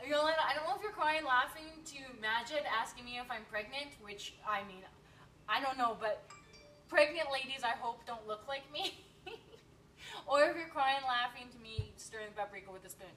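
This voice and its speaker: Woman chatting on her cooking stream, higher voice, kinda distant kitchen mic. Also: normal speed, sharp tone, a little hiss or hum. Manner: chatty, giggly, many fillers. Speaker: live-stream cooking host. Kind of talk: casual live-stream chat, reading viewer comments. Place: home kitchen.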